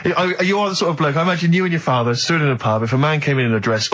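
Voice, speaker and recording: A man's voice: fairly high pitch, very fast, fairly bright tone, slight background noise. A man co-hosting a radio show in a studio, asking wry, teasing questions. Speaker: radio co-host. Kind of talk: casual radio chat.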